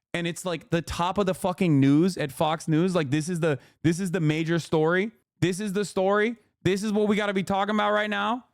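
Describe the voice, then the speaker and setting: A man's voice: sits high, clear, resonant tone, no room sound, clean studio sound. A man streaming live, reacting to clips with heated, profane ranting. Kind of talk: casual livestream commentary.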